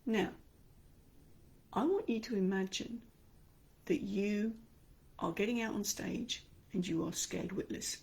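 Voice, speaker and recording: Aussie lady voice coach, husky and a bit gravelly, acts out the voices in your head. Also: medium pitch, takes it slowly, long pauses. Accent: Australian. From Australia. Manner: expressive, demonstrates by acting out inner voices. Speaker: speaking coach. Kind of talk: online speaking lesson.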